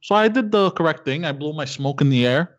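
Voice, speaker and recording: A man telling a story on a podcast in a halting way, searching for words and laughing at himself. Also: fairly high pitch, animated, dull audio. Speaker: podcast co-host. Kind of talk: casual storytelling.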